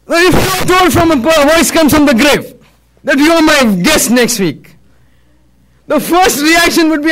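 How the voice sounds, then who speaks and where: A man preaching a sermon, telling a story with animation and acting out the lines of the people in it. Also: measured pace. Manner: animated storytelling, acting out the dialogue with big swings in loudness and pitch.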